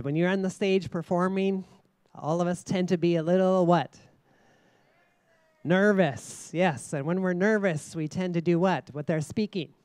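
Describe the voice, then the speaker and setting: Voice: medium pitch, a little mellow, clear, resonant tone, dry recording. A contest judge speaking from a stage microphone in a very large room, giving spoken feedback to student contestants. The judge talks in a teacherly way, posing questions to the audience and checking in with frequent "okay?".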